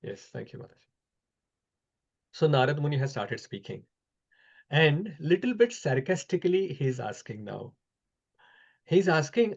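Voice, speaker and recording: A man teaching a scripture class over an online call, explaining slowly with frequent pauses. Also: fairly high pitch, sing-song, vocal fry, breathy edge, dull audio.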